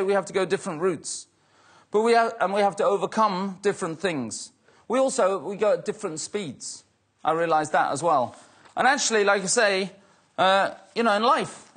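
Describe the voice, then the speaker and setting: Husky, high-voiced man telling a story. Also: a bit bright. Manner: anecdotal, repeats "like I say". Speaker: guest speaker. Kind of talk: sermon-style testimony talk.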